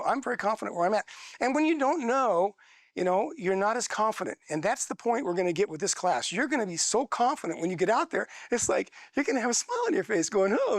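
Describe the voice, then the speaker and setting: Folksy storytelling church teacher, high voice. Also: male voice, no room sound, clean studio sound. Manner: folksy, chatty, tells stories with quoted dialogue. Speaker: church teacher leading a training class. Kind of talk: storytelling class talk.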